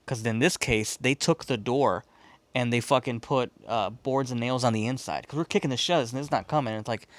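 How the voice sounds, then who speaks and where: A man's voice: mid-range voice, brisk, no echo. A man from Chicago hosting a podcast, telling a story casually and profanely, rambling and laughing as he goes. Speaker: podcast host.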